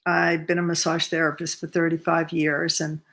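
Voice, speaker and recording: A woman in her seventies, a massage therapist, telling a personal story to camera in an unhurried, earnest way from her cozy home by a fireplace. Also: low voice, monotone, vocal fry, a bit bright. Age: 70s.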